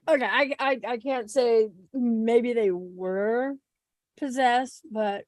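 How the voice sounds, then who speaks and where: A woman's voice: fairly high pitch, very slow, darkish tone, dry recording. A woman hosting a paranormal panel, chatting bluntly, giggling often and swearing freely. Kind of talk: casual chat.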